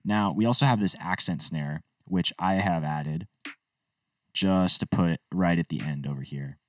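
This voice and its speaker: A man with a low voice walks through a music tutorial in an easygoing, step-by-step manner. The sound is dry, with little room to it. He sits a little back from the microphone. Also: normal speed, no echo, distant mic. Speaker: music producer teaching a tutorial. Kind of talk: screen-recorded tutorial walkthrough.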